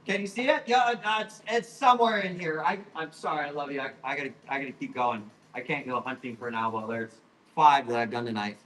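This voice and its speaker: A man hosting a live plant auction, rambling, apologizing and swearing as he hurries through his sales pitch. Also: brisk, fairly bright tone, rough recording. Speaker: live-stream plant seller. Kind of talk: live auction selling chat.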